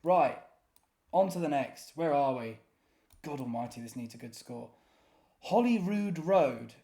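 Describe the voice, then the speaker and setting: A man's voice: fairly high pitch, expressive, a little slow, warm tone. A man giving casual, self-deprecating commentary while playing a geography guessing game, often muttering in exasperation. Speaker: gaming YouTuber.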